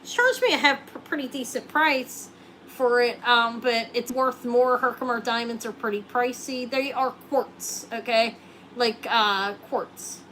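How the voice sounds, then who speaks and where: A woman's voice: a little high, fairly even intonation, a little slow, a bit bright, a little hiss or hum, low-quality recording. A woman hosting a live jewelry sale, chatting casually and joking while she shows rings.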